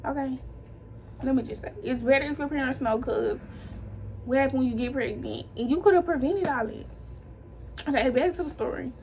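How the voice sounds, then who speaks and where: Speaking at a normal pace with long pauses, she has a high but darkish voice, and there's slight background noise. She recounts her own experience to viewers in casual slang, addressing them as y'all and bringing the people she quotes to life.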